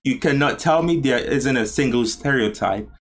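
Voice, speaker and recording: A man's voice: mid-range voice, normal speed. A man hosting a reaction video, giving emphatic, opinionated commentary in a casual way.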